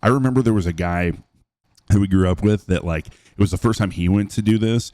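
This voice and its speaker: A man's voice: fairly low pitch, fairly quick, warm tone, no room sound. A young man hosting a reaction video, rambling and hesitant as he thinks aloud between clips. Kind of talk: reaction commentary.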